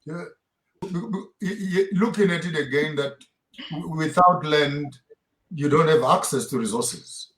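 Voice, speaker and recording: A man speaking in an emphatic, preaching way, driving his points home and throwing out rhetorical questions. His voice sits slightly high for a man. The room around him echoes. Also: unhurried, fairly bright tone. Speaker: guest speaker. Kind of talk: impassioned interview talk. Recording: roomy echo.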